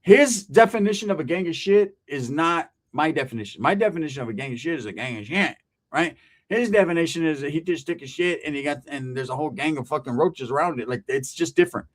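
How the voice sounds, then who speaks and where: A man spins a casual, profane street story, animated and quick to slip into the voices of the people in it. His voice sits a little high for a man.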